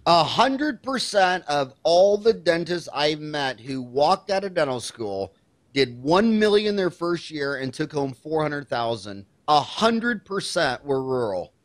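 An older man from Kansas hosting a podcast interview, asking blunt, animated questions. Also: fairly high pitch, unhurried, dry recording. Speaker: podcast host. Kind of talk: casual interview.

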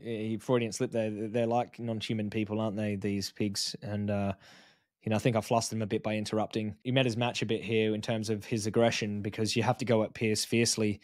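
A man's voice: lowish voice, level tone, a little fast, darkish tone, no room sound, studio quality. A man giving casual reaction commentary as a vegan activist, blunt and mocking, often calling people "mate".

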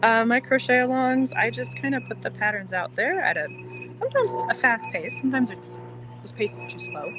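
A soft-spoken woman hosting a casual crochet livestream outdoors in the sun, chatting in a rambling, reassuring way. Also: fairly high pitch, animated, moderate pace, background noise. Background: birds chirping.

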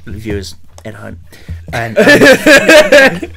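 A man doing a rough outback bushman. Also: high voice, huge pitch swings, extremely slow, over music, voice pushed up, full character voice. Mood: earnest. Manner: blokey slang, loud bursts. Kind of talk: comedic character chat.

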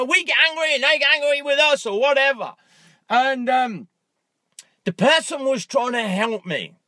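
A man telling a story to a handheld camera from inside his car, acting out his angry thoughts with loud outbursts. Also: very high voice, dry recording. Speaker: motivational vlogger. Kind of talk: casual vlog, talking to camera. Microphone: handheld phone camera.

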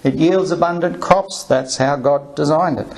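A man's voice: a little high, normal speed, rough recording. A man preaching a conversational sermon, asking the congregation rhetorical questions with light humor.

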